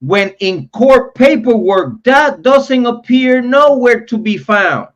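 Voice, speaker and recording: A man's voice: extremely high pitch, animated, slow pace, highs cut off. A young man hosting a true crime live stream, ranting in a heated, profane, repetitive way. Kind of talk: angry live-stream rant.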